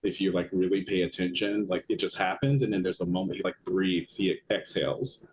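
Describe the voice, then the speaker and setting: A man's voice: low-pitched, brisk, slightly rough, rough recording. A man joining a casual podcast discussion as a guest, speaking in a reflective, thoughtful way with frequent "like"s. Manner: reflective, thoughtful, uses "like" often.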